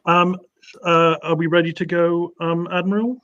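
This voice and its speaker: Dithering jokey quiz contestant from Cornwall. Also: male voice, on the high side, fairly even intonation, normal speed, muffled recording. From Cornwall, England. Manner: dithering, filler-heavy, jokey. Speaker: quiz contestant, team captain. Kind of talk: casual chat on a call.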